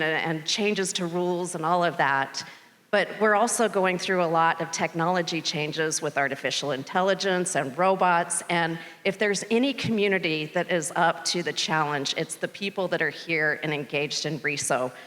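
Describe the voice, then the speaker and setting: A board chair with a fairly low voice gives the welcome at a conference, telling a story from the stage and growing animated whenever she quotes the robot. The large hall adds a long reverb to her speech.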